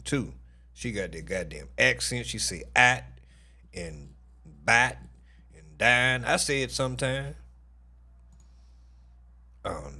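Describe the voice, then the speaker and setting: A man hosting a casual livestream commentary, animated and profane, full of exclamations. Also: lowish voice, husky.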